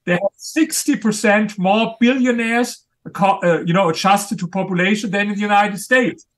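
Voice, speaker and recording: A man's voice: sits high, moderate pace. A man speaking as an author and interview guest, arguing his case in a blunt, assertive, insistent way. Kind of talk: argumentative interview talk.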